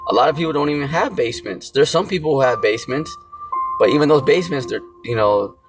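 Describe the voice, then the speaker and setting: A man's voice: mid-range voice, expressive, quick pace. A man preaching a casual sermon, rambling with lots of fillers and blunt slang. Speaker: street preacher. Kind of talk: casual sermon with scripture reading. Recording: music playing behind.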